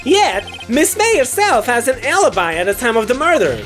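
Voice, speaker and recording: A woman reading an earnest young male defense attorney in a video game, lowering her voice. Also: very animated, moderate pace. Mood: forceful. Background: game music.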